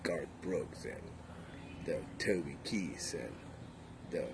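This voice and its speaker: A man's voice: sits low, slow. A man in casual chat, emphatic and opinionated, swearing freely. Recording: background noise.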